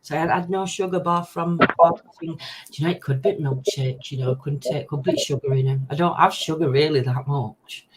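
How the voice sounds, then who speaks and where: A woman's voice: sits low, normal speed, hardly any pauses, a little hiss or hum. A woman hosting a casual late-night chat, giggly and hyper, telling rambling stories. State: sugar-hyper and giddy. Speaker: livestream host.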